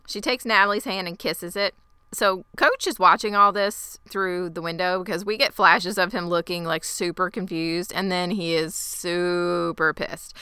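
A woman co-hosting a casual podcast, retelling a TV episode scene by scene with lively asides. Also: fairly low pitch, measured pace, clear, resonant tone, no room sound, studio quality. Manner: animated storyteller, quotes characters in lively asides. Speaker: podcast co-host. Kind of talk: casual TV recap chat.

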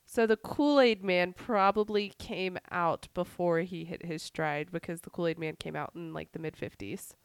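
A woman co-hosting a podcast in casual chat, raspy from a cold, with joking asides. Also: fairly low pitch, steady tone, normal speed, hardly any pauses, dry recording. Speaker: podcast co-host.

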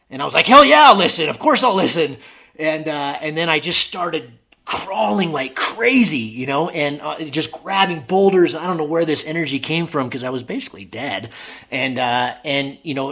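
A man's voice: medium pitch, fairly bright tone. A man telling a long personal story in casual conversation, rambling with many fillers and restarts.

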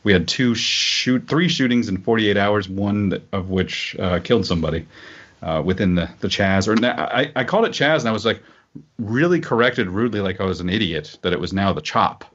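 A man with a fairly low voice chats through a political podcast segment. He rambles and circles back with many fillers. The audio is dull and lo-fi. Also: expressive, normal speed, a bit bright. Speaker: podcast co-host. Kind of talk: casual political podcast chat.

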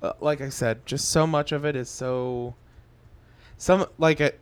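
A man co-hosting a podcast, rambling and swearing casually, his voice going hoarse. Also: medium pitch, steady tone, unhurried. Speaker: podcast co-host. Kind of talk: casual chat.

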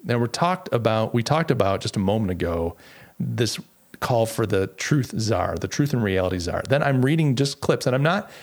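A man's voice: fairly low pitch, expressive, normal speed. A man hosting a political talk show, reading quotes from an article aloud with sarcasm and plenty of restarts. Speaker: podcast host.

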